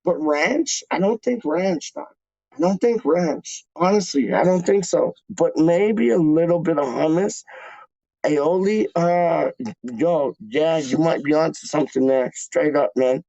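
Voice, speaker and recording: A man's voice: on the high side, unhurried, warm tone, no room sound. A man hosting a casual livestream, reading chat comments with slangy, laid-back banter and repeated phrases. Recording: dry, dull lo-fi mic.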